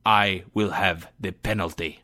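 A man's voice: low-pitched, fairly even intonation, measured pace, bright, forceful tone, no echo, voice pushed down, exaggerated voice. A man reading as a bitter, unyielding moneylender. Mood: defiant.

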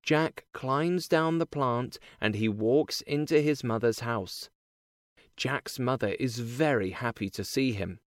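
A man's voice: medium pitch, slow pace, no room sound, studio quality. A man reading a simple storybook aloud in a plain, careful way. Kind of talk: simple storybook narration for learners.

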